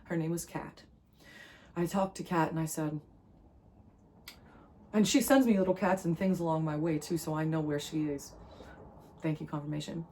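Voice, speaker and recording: A woman's voice: deep voice, fairly even intonation, normal speed, pauses often, darkish tone, a little hiss or hum, poor audio. A young woman from New Jersey giving an earnest, emotional spiritual channeling reading as a tarot reader. She rambles, restarts and circles back on her words.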